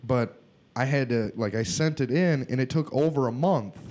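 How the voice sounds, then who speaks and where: A man with a Wisconsin Midwestern accent chats casually at an average pitch. He stops and restarts his sentences often, with a relaxed, hesitant rhythm. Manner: halting, many restarts and laughs. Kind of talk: casual chat.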